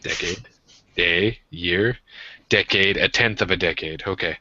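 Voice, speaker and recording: Low bright-voiced man, profane and joking. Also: measured pace, no echo, lo-fi sound. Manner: profane, self-mocking, jokey storytelling. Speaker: podcast co-host. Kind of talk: casual rambling chat.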